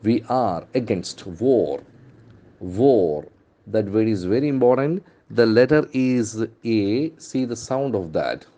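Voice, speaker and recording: A man's voice: on the low side, lively intonation, warm tone. A man with an Indian English accent teaching pronunciation from newspaper headlines, repeating words and spelling them out letter by letter. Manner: drills words aloud, repeating them slowly. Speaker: English trainer. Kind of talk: newspaper-based pronunciation lesson.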